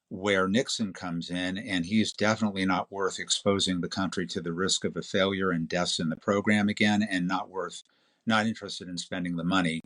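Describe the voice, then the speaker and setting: A man guest on a podcast interview, explaining in a measured, detailed way. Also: low-pitched, fairly bright tone. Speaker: interview guest, space expert. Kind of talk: conversational explanation.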